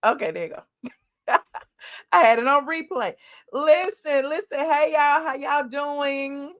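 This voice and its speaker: Slightly hoarse woman host. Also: sits high, unhurried. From Atlanta. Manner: chatty, talks straight to viewers. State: a little hoarse. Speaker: livestream gossip host. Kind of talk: casual livestream chat. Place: home office. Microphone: USB desk mic.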